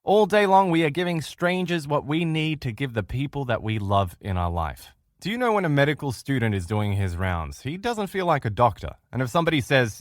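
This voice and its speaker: A man gives a recorded relationship lesson in an animated voice, with his pitch rising and falling a lot. He acts out the quoted voices of other people. The sound is dry and close. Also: a little fast, hardly any pauses, dry recording. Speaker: relationship course instructor.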